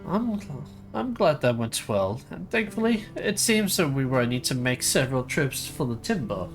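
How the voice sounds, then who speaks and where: A man voicing an eager, hopeful young female companion in a raised, falsetto-like pitch. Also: sing-song, moderate pace, faint music behind. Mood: relieved.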